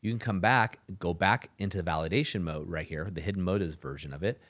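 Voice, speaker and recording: A man's voice: sits low, fast talker, fairly bright tone. A man hosting a podcast who gives relationship advice in a conversational, emphatic monologue. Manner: conversational and emphatic, acts out dialogues. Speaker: relationship coach and podcast host.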